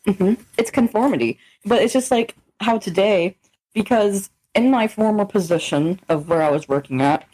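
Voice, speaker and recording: A woman's voice: medium pitch, moderate pace, darkish tone. A young woman co-hosting a podcast in casual chat, blunt and swearing freely as she acts out quoted exchanges. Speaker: podcast co-host.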